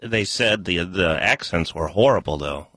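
A man co-hosting a radio talk show, chatting in an animated way and laughing often. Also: low-pitched, normal speed, no room sound, studio quality. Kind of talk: casual radio chat.

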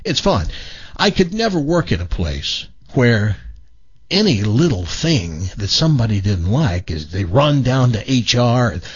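A man hosting a radio show in the studio, telling stories in a rambling, animated way with lots of restarts. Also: medium pitch, unhurried, slightly rough, muffled recording. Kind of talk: casual morning show banter.

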